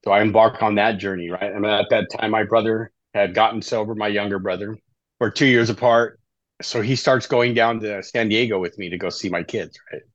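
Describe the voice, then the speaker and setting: A middle-aged man with a fairly low voice tells his story as a podcast guest, casual and chatty, and keeps checking in with "right?". The recording sounds dull and lo-fi. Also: fairly even intonation, a little fast. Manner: conversational, often tags sentences with "right?". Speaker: podcast guest, life coach in recovery.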